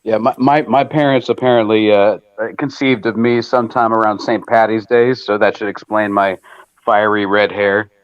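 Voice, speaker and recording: A man co-hosting a podcast, telling relaxed, halting anecdotes in casual chat. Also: lowish voice, clear, resonant tone, no room sound, lo-fi sound. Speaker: co-host.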